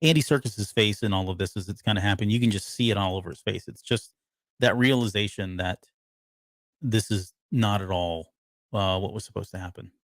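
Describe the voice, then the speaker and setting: Co-hosting a podcast, a man with a fairly low voice speaks a little fast as he casually breaks down a TV episode. His talk is rambling and full of restarts and fillers, recorded without echo.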